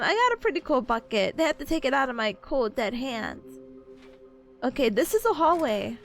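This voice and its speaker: A very high-voiced woman streams a game, giggling and riffing in a playful, chatty way. Her pitch leaps about with lively energy, and faint music plays behind her. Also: a little fast. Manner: playful, giggly, reads game text aloud.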